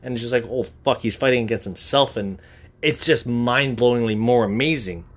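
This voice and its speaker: A man's voice: mid-range voice, fairly quick. Brief: young male vlogger, casual monologue, rambling and profane, stammers through restarts.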